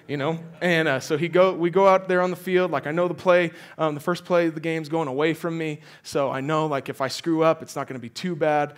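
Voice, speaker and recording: A man's voice: a little high, a little fast, hardly any pauses. Upbeat conversational male guest preacher. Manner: conversational and animated, many fillers and restarts. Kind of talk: sermon with personal storytelling.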